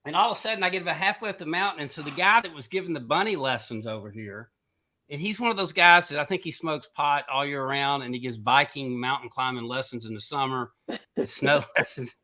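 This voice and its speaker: A middle-aged man co-hosting a podcast, telling a long casual anecdote in an animated way and laughing through his own story. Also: on the high side, a little fast. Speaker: podcast co-host.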